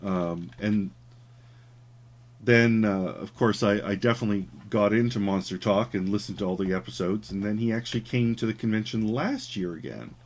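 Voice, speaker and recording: A man's voice: fairly low pitch, fairly even intonation, moderate pace. A man telling a story in a casual, rambling way while he draws, with many fillers. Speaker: caricature artist streaming his drawing. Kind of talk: casual chat while drawing.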